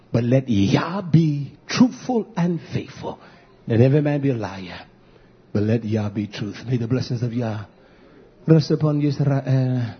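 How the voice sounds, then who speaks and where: On a live stream, a man delivers a fiery sermon, chanting long drawn-out cries and swinging from shouts down to low murmurs. His voice is husky and the sound is lo-fi.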